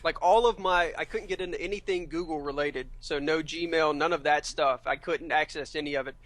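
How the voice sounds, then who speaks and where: A man's voice: fairly high pitch, fairly quick, fairly bright tone, no room sound. A man, a gaming commentator, chatting casually as a podcast guest, hesitant and eating while he talks.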